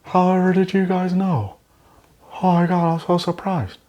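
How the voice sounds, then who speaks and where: Man doing a high breathy actress voice, stilted, face barely moving, mock dramatic. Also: fairly even intonation, moderate pace, darkish tone, close to an everyday voice. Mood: breathy surprise. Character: stiff-faced famous actress, breathy and flat.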